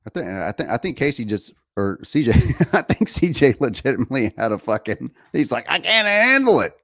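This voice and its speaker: A man's voice: mid-range voice, animated, normal speed, darkish tone, no room sound, studio quality. A man hosting a heated political podcast, emphatic and profane, often restarting and repeating himself. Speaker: podcast host.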